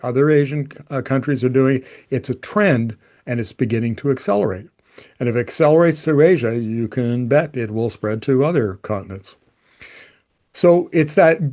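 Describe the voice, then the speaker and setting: A man's voice: medium pitch, dark tone. A man giving conversational, emphatic energy commentary, often restarting his sentences. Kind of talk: opinion commentary to camera.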